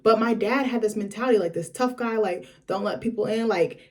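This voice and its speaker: Fast-talking young woman vlogger. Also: medium pitch, a little mellow. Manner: chatty, frequent filler words. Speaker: vlogger host. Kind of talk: candid casual storytelling.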